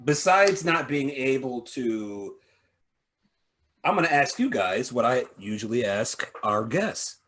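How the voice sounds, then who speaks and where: A man's voice: medium pitch, slow pace. A man co-hosting a casual podcast happy hour, playful and jokey, asking questions and teasing his co-hosts. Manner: playful, jokey, animated delivery. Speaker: podcast co-host. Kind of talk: casual live-stream chat.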